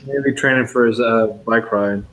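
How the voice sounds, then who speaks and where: A man's voice: medium pitch, fairly even intonation, normal speed, a bit bright, a little hiss or hum, low-quality recording. A man chatting on a casual livestream, explaining things loosely with fillers.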